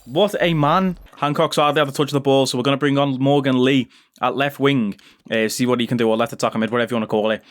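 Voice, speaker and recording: A man giving chatty gameplay commentary as a gaming YouTuber, bursting into loud cheers on goals. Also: medium pitch, fairly even intonation, fast.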